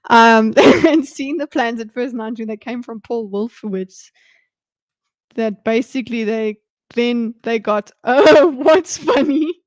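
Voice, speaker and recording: A woman's voice: a little high, unhurried, no echo. Chatty giggling woman, dry close sound. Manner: chatty, giggly, talks back to the video. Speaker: streamer commenting on a debate video. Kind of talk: casual live commentary.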